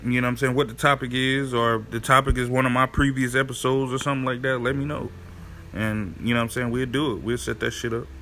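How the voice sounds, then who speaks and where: Gravelly-voiced man on his podcast. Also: mid-range voice, little pitch movement, fast talker, bright, forceful tone, a little hiss or hum. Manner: loose, profane, rambling with many fillers. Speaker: podcast host. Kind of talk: casual solo podcast monologue.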